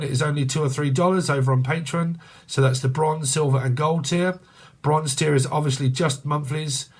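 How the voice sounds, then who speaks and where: A chatty man in the middle of a casual tarot reading. He wanders off topic, jokes crudely and laughs a lot, with an average-pitched voice. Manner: crude joking, laughs often; rambling, chatty. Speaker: tarot reader.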